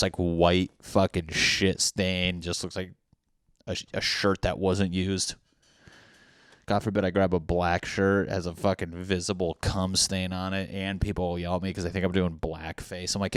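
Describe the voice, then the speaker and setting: A young man with a very low voice rants his way through a solo podcast, swearing freely and poking fun at himself as he rambles, stopping now and then for a wet cough. The sound is close and dry, with no room around it. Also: a bit bright, clean tone, dry recording. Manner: crude, profane, self-mocking, rambling. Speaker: podcast host. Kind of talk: solo comedic podcast rant.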